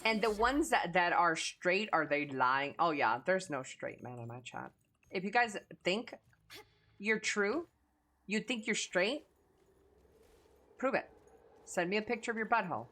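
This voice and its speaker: A woman livestreaming a game, talking crudely to her chat and yelling at her teammates. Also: medium pitch, animated, a little slow, pauses often. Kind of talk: live gaming stream chat.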